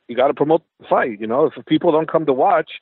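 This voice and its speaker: A man's voice: fairly high pitch, quick pace, breathy edge, dry recording. A man, an MMA coach, telling stories in a phone interview and acting out quoted dialogue with lots of energy. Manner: animated, acts out quoted dialogue. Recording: tinny phone line, dry.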